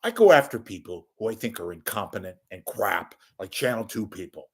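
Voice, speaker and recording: A man's voice: fairly low pitch, expressive, brisk, slightly rough. Angry, profane ranting man. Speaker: local media commentator.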